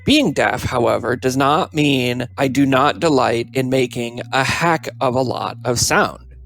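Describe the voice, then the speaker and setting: A man's voice: mid-range voice, measured pace, vocal fry, fairly bright tone. A man playing a boastful deaf cow dog. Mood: playful. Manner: boastful, playful diary-entry voice. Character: cheeky energetic deaf female cow dog.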